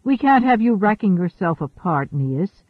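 A man reading the lines of a gentle, wise woman space traveler in an audiobook. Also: high-pitched, very animated, normal speed, no room sound. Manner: gentle, reasoning. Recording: thin phone-like dry audio.

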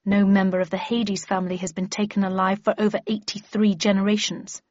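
A woman's voice: medium pitch, level tone, darkish tone, no room sound, lightly acted. Smug young villainess, cold and scheming, dry muffled recording, as a woman reader puts her on. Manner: smug, menacing, measured.

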